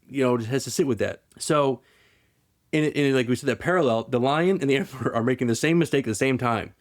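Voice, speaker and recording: A man hosting a podcast, retelling a story in casual chat, rambling and animated with lots of restarts. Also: medium pitch, fast talker. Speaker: podcast host.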